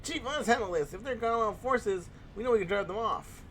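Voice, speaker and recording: A whiny young adventurer from a video game, put on by a man reading the lines aloud. The voice sits well above the reader's own pitch and has a nasal complaint in every phrase. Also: animated, fairly quick, a bit bright, slight background noise. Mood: eager.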